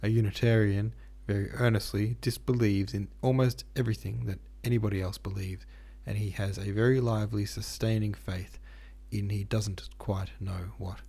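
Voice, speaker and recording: A male reader gives a dry American man who mocks with a straight face. His teasing is calm and grave. The voice sits low and slightly husky. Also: moderate pace, hardly any pauses.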